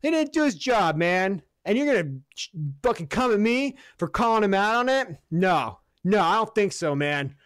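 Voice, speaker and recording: A man's voice: high-pitched, animated, normal speed, fairly bright tone, smooth, dry recording. A man co-hosting a sports podcast, ranting about his team with heated sarcasm and lots of swearing. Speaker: podcast co-host. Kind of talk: profane sports rant.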